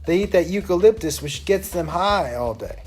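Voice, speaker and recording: Male comedy host, higher-pitched, crude rambling storyteller, laughs a lot, faint music behind. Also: expressive, moderate pace, darkish tone, slightly rough. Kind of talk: loose stand-up storytelling.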